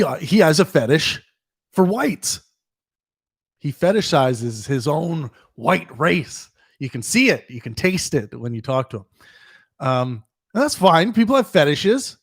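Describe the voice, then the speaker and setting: A man's voice: fairly high pitch, no echo, clean studio sound. A man hosting a casual livestream Q&A, rambling with frequent restarts and chuckling as he answers viewer questions.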